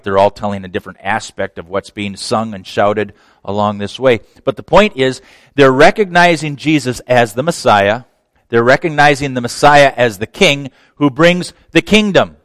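A man preaching a sermon, telling a story with folksy asides, dropping to a near whisper and then rising to excited shouts. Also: mid-range voice, moderate pace, no room sound. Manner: lively storytelling, swings from hushed to shouting; laughs between phrases, folksy asides. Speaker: pastor.

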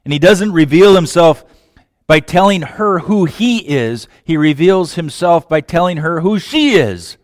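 A man preaching a sermon, asking rhetorical questions and swinging from hushed lines to loud, impassioned ones. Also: fairly high pitch, animated, a little slow, dry recording, clean studio sound. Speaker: pastor.

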